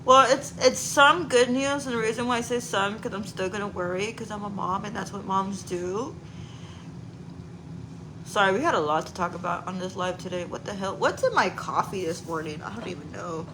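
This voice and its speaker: Chatty mom on a live stream. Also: female voice, medium pitch, moderate pace. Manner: chatty and candid, swears casually, laughs often. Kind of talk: casual live-stream chat. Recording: noticeable background noise.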